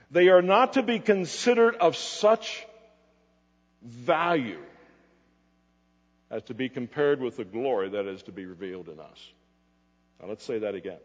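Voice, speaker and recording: A pastor preaching a sermon, animated and emphatic at times, dropping to quiet asides at others. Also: male voice, on the high side, measured pace, husky. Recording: dull lo-fi recording in a reverberant hall.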